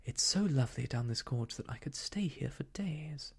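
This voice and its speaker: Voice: medium pitch, animated, normal speed, gravelly, slightly rough, heavily acted. A whispering storyteller voicing a sleepy, dreamy girl in a canoe, in a whispered role-play. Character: drowsy English girl in a canoe.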